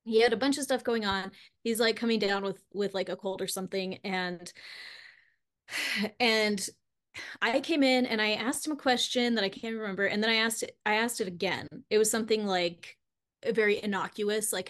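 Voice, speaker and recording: A woman's voice: mid-range voice, fairly even intonation, normal speed, a bit bright. A woman author talking candidly about her feelings in a podcast interview, with lots of fillers. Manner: candid, emotional, uses many fillers. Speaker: author guest.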